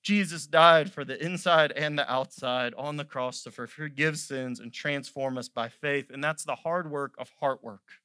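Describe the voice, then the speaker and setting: Man, pastor preaching, bright tone, dry, impassioned, chatty asides. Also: fairly high pitch, normal speed, few pauses, clear, resonant tone, no room sound. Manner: impassioned, swells from quiet to loud; conversational storytelling asides. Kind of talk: sermon.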